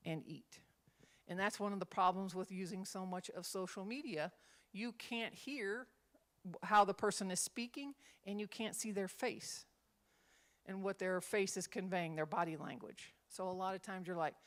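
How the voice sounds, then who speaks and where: A woman's voice: medium pitch, normal speed. A woman minister and former schoolteacher leading a Bible study, talking conversationally and acting out example phrases in different tones.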